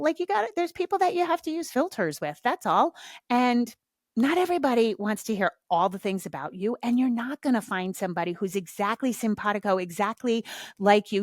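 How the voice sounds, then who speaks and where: A middle-aged woman hosts her own podcast, chatting casually and bluntly and swearing freely. Her voice sits fairly high, and the recording is dry and close with no room sound. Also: dry recording. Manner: frank, swears freely, acts out little dialogues. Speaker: podcast host. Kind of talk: casual solo podcast talk.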